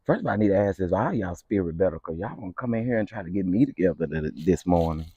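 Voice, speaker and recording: A man's voice: deep voice, expressive, fast talker, warm tone, breathy edge, dry recording, dull audio. Playful man hosting a morning livestream. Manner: playful, chatty, sing-song greetings. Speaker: livestream host. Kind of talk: casual livestream chat greeting viewers. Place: outdoors in the morning.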